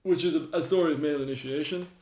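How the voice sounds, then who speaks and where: A man's voice: on the high side, very fast, a little mellow. A man, co-hosting a podcast, casually retelling myths and acting out the characters' lines. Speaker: podcast co-host. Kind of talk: casual storytelling chat. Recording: roomy echo.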